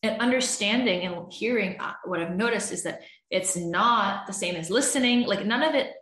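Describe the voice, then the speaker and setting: This is a woman with a medium-pitched, slightly bright voice, speaking at a normal pace in a roomy-sounding space. She's a relationship coach delivering an advice podcast monologue, earnestly explaining communication and acting out the arguments couples have.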